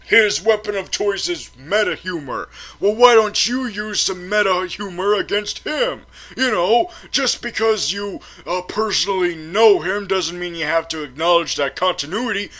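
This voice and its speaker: A man's voice: high-pitched, fairly bright tone. A man voicing a skeptical male sidekick who needles with pointed questions.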